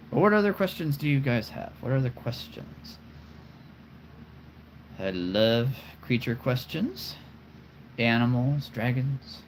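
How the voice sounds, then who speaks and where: A man's voice: mid-range voice, a little hiss or hum, rough recording. A man hosting a casual livestream, enthusiastically showing his collection, repeating phrases and chuckling often. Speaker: host showing his toy figure collection.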